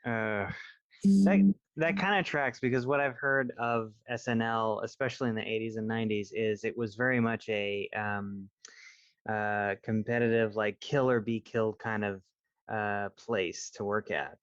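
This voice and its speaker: A man's voice: fairly low pitch, steady tone, unhurried, clean tone, dry recording. A man hosting a podcast, asking his guest questions and keeping the talk going with short replies. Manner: listens, brief affirmations and questions. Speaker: podcast host. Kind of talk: casual interview. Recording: dry, dull sound.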